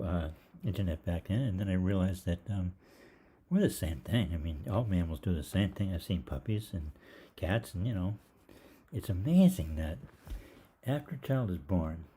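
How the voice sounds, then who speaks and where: A man's voice: sits low, mellow, husky. An older man, a holistic gastroenterologist, telling a rambling story in a live Q&A, with many fillers. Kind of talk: live Q&A monologue.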